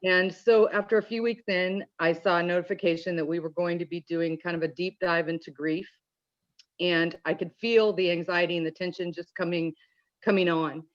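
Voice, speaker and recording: A woman giving an emotional personal testimony in an earnest, halting way with many restarts, choked up at times. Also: lowish voice, fairly even intonation, muffled recording. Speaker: call-in participant.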